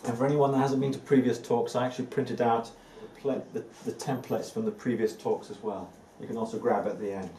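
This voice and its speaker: A man with a mellow, warm voice giving a spiritual talk to a live group, earnest and repeating key words for weight. He is picked up from a distance in an echoey room. A faint hum of ambient noise sits underneath. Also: mid-range voice, fairly even intonation, fairly quick, few pauses. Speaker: spiritual teacher. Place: indoor room with a live audience.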